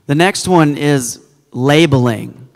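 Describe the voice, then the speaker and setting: Earnest higher-voiced preacher man quoting scripture. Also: slow pace, creaky, big-room sound. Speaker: pastor. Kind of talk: sermon. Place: church sanctuary.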